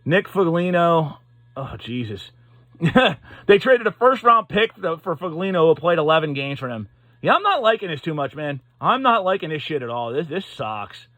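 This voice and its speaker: A man's voice: fairly high pitch, sing-song, sharp tone, no echo. A man giving a casual, profane, exasperated hockey rant as a sports commentator, stumbling over his words. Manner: profane, exasperated, halting restarts. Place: Pittsburgh.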